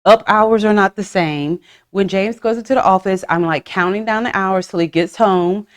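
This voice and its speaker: A woman in her forties hosts a podcast, telling stories in casual chat with a mid-range voice at normal speed. She's animated, slips into voiced asides, and swears frankly.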